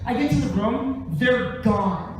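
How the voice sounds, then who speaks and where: A man tells a story on a theater stage as a stand-up comic, animated and quick to slip into voices. His voice rings through a very echoey room, picked up from far off, with a faint murmur of ambience behind it. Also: very high voice, a little hiss or hum. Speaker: stand-up comedian and musician. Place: large theater stage, live show. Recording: very echoey theater, distant mic.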